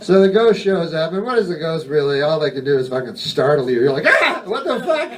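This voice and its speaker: A man doing stand-up comedy, rambling and deadpan, swearing often and correcting himself as he goes. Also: on the high side, fast talker, far from the mic, crowd noise, low-quality recording.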